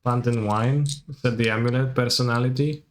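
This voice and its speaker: A man's voice: mid-range voice, steady tone, moderate pace. A man with a Russian accent casually commentating his card game on a live stream, answering chat and swearing offhandedly.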